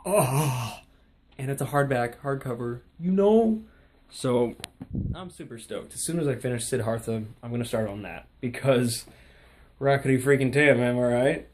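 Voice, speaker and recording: Young male vlogger, excitable and rambling, casual talk to camera. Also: mid-range voice. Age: young adult. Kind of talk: casual vlog chat.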